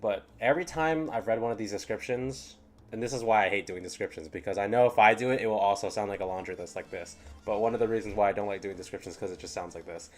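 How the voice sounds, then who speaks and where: A man's voice: fairly low pitch, fast. A man reading fanfiction aloud on a stream and commenting in a rambling way, often stopping and repeating words. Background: faint background music.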